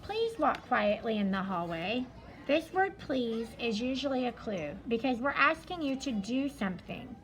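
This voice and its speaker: A woman with a high voice, an elementary school teacher reviewing a study guide for her class. She walks through each answer patiently and step by step. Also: big pitch swings, measured pace, poor audio.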